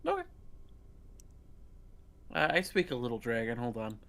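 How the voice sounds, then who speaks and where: A man's voice: medium pitch, very animated, normal speed, gravelly, fairly bright tone. A man playing a tabletop game, casual, hesitant and joking. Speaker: player.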